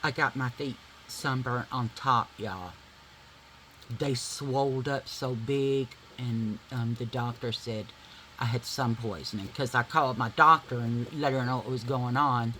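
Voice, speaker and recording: Chatty woman, bright voice. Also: extremely low pitch, fairly even intonation, measured pace, slight background noise, poor audio. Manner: chatty, swears casually, addresses viewers as y'all. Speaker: vlogger. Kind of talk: casual storytelling while doing makeup.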